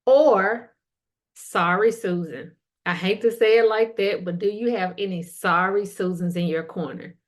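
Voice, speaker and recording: A middle-aged woman hosts a motivational podcast in a loose, everyday way. She keeps turning to the listener with direct questions, and her voice sits at an ordinary pitch. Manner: casual, colloquial, asks the listener direct questions. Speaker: podcast host.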